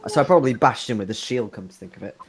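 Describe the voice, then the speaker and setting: A man's voice: medium pitch, expressive, very fast. Eager man playing a tabletop game. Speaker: player. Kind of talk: casual tabletop play. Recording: faint background noise.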